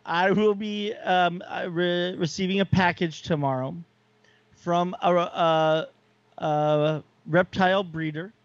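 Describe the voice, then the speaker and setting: A man's voice: high voice, fairly even intonation, takes it slowly, no room sound, lo-fi sound. A man co-hosting a podcast in casual chat, enthusiastic and rambling with lots of fillers. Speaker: podcast co-host.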